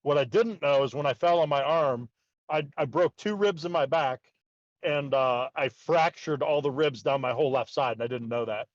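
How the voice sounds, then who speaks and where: A man's voice: a little high, moderate pace, no echo, dull audio. A man telling a long story in casual talk, rambling with lots of "like" and acting out what others said. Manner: rambling, heavy use of "like", acts out quotes. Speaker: guest, BMX park builder.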